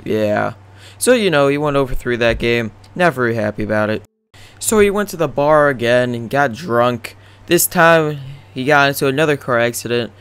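A man's voice: medium pitch, normal speed, smooth. A young man doing profane, rambling, joking commentary over a baseball video game. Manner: profane, rambling, deadpan jokes. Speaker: gaming commentator.

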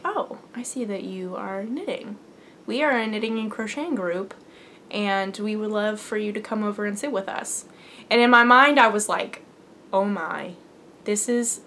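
A young woman hosts her knitting podcast, telling a long rambling personal story in an earnest, chatty way. Her voice sits at an ordinary middle pitch. A faint low rumble hums under the recording. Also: a bit bright. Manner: rambly, earnest, frequent fillers and laughs. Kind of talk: casual storytelling.

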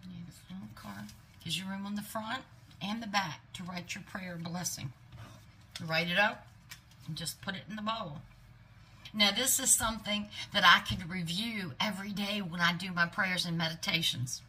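A woman's voice: medium pitch, moderate pace, noisy background. A middle-aged woman unboxing gifts in a casual vlog, gushing, exclaiming often and dropping into whispered asides. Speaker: vlogger.

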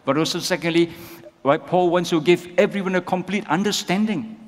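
Man preaching in an echoing church hall. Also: fairly high pitch. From Malaysia. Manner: rhetorical questions with "isn't it". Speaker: pastor. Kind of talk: sermon. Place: church sanctuary. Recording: long church hall reverb.

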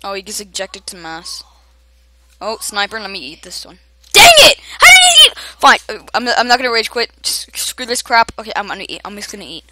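A young woman giving excited gameplay commentary, often shouting at other players and laughing. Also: mid-range voice, a little fast, background noise. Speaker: gamer.

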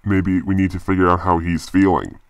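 A man voicing a helpful young male cartoon friend in a flat, stiff voice. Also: low-pitched, a little fast, clear, resonant tone, no echo, studio quality.

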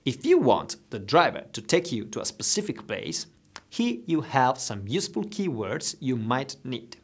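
A man teaching travel phrases, saying each one slowly and clearly so listeners can repeat after him. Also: medium pitch, very animated. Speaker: language teacher. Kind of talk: slow instructional phrase drills.

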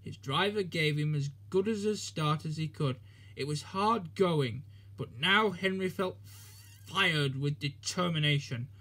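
A man narrating a children's storybook in a gentle, measured reading manner. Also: on the high side.

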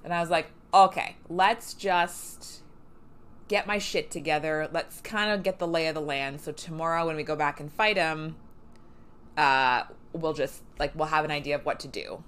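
A woman's voice: low-pitched, fairly quick, a bit bright, smooth. A woman chatting casually and swearing freely while streaming a game, often poking fun at herself. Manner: chatty, profane and self-mocking. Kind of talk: casual live gameplay chat.

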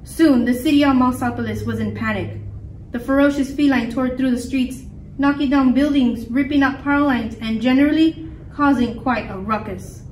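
Storybook reader, woman, high voice, lively, echoey room recorded from afar. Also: moderate pace. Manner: lively expressive reading. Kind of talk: reading a picture book aloud. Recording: echoey room, mic far off, faint noise.

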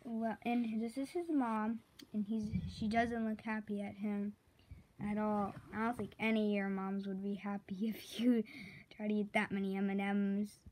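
A woman slowly reading a children's chapter book aloud, correcting herself and pausing to chat about the pictures. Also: mid-range voice, little pitch movement, a little mellow, slight background noise. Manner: slow, careful read-aloud with self-corrections; chatty asides about the pictures. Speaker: reader.

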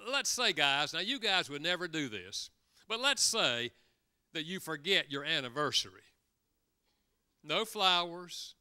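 With a slightly high, sharp voice that's clear and resonant, a man serving as guest speaker delivers a church sermon. His storytelling includes acted-out quotes, and he now and then repeats words mid-flow.

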